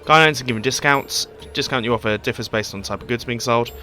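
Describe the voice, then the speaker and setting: Brief: man doing a chatty merchant dad with a folksy Scottish-style lilt, bright tone, faint music behind. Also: medium pitch, quick pace, close to an everyday voice. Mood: friendly. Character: chatty middle-aged male market merchant, a father.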